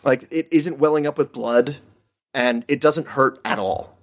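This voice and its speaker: A man narrating as game master in a tabletop game, relaxed and descriptive. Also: mid-range voice, measured pace. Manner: relaxed, descriptive, hedging with fillers.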